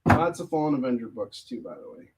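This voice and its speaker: A man's voice: medium pitch, expressive, fast talker, very noisy. A man from the United States who creates comics, chatting casually and joking on a livestream Q&A while he counts stock aloud.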